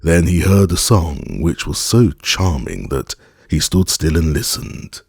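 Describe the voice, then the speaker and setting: A male audiobook narrator with a very low, gravelly voice and a husky grain. He tells the fairy tale slowly and deliberately, in a dry, close sound. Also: very animated, a little mellow, no echo. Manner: slow, measured storytelling.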